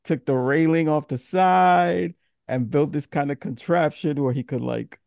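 Gravelly, dark-voiced podcast co-host man. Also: on the high side, measured pace, no room sound. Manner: laid-back, swearing, laughing storyteller. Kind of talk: casual film discussion.

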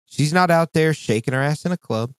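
A man co-hosting a podcast in casual chat, animated and profane, often jumping into mock voices. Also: a little fast, clear, resonant tone, no room sound. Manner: animated, swearing, mimics voices with big pitch jumps. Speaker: podcast co-host.

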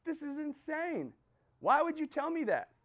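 A man's voice: very high voice, sing-song, normal speed, fairly bright tone, voice pushed up, heavily acted. A man voicing an exasperated young male mountain climber who complains in incredulous outbursts.

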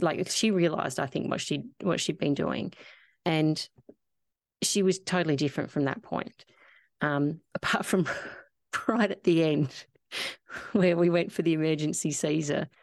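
A woman hosting a podcast tells a personal story in casual chat, open and emotional, with many "like" fillers. Her voice sits low, and the recording is close and dry, with no room echo. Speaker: podcast host.

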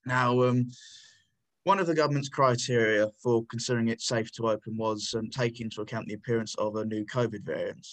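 Male podcast commentator, combative and sardonic, stumbling restarts, average-pitched voice. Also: steady tone, a little fast, rough recording. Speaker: podcast contributor.

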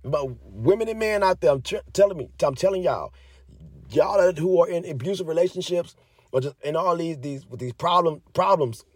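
A young man rants straight to his viewers, fired up and cursing at every turn, hammering his points again and again. His voice sits a little high for a man. The sound is dry and close, with no room around it. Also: a little mellow, no room sound. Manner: heavy cursing, fired up, repetitive. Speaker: commentator. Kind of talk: heated casual rant to viewers.

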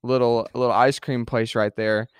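A man's voice: medium pitch, level tone, normal speed, clear, resonant tone, no room sound, studio quality. A man co-hosting a podcast who talks in a rambling, casual way, restarting sentences and acting out little quoted scenes. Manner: rambling with many restarts, fillers and acted-out quotes. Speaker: podcast co-host. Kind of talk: casual faith discussion.

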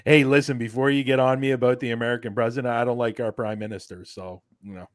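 A Canadian man talks as a guest in a relaxed round-table chat. His voice sits at an average male pitch and sounds dry and close, with no room around it. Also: fast, no echo. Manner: easygoing, agreeable. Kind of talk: casual discussion.

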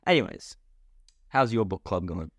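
Young male podcast co-host, low voice, rambling joking delivery, dry close mic. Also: expressive, moderate pace, fairly bright tone, no echo. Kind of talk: casual chat.

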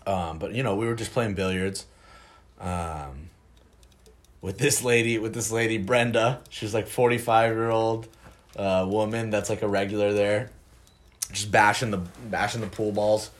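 A man's voice: lowish voice, fairly even intonation, measured pace. A young man co-hosting a podcast, telling a rambling, profane anecdote in casual chat with lots of restarts. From Northern California. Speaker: podcast co-host.

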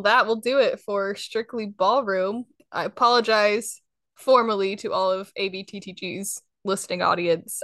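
A woman's voice: medium pitch, a bit bright, no room sound, studio quality. A young woman hosting a podcast, chatting casually and laughing often. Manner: giggly, chatty, quick laughs. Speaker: podcast host.

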